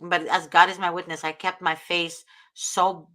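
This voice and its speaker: A woman's voice: lowish voice, flat delivery, unhurried, bright, forceful tone. A woman hosting a talk show, giving earnest, preachy advice and often invoking God. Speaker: host.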